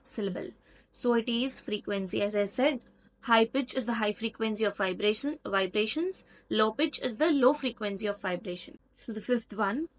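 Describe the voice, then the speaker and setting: A woman's voice: fairly high pitch, a bit bright. A woman with an Indian English accent, a lecturer methodically walking through lesson slides and repeating key points.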